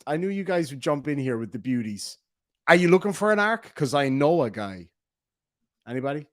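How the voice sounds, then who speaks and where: An Irish man with a cold hosts a live stream and reads chat aloud, joking and chuckling. His voice sits a little high and jumps around a lot. The recording is close and dry. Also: no room sound. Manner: animated, jokey, chuckling. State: has a bad cold. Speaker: streamer host reacting to videos. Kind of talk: casual live-stream commentary, reading chat.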